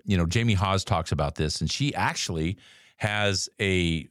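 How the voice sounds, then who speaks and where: A man's voice: on the low side, dry recording, clean studio sound. A man hosting a morning motivational podcast, talking conversationally and reading quotes aloud with casual asides. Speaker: podcast host.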